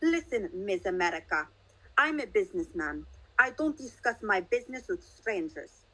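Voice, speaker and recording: Woman voicing a mocking male Russian crime boss, Russian accent, bright, needling tone. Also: medium pitch, lively intonation, moderate pace, low-quality recording. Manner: scoffing, mock-polite.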